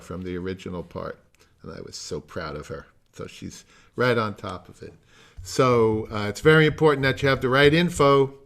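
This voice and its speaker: A man with a medium-pitched, fairly bright voice teaches a music masterclass on a video call. He gives lengthy, digressive explanations, often trailing off, and sings passages to illustrate them.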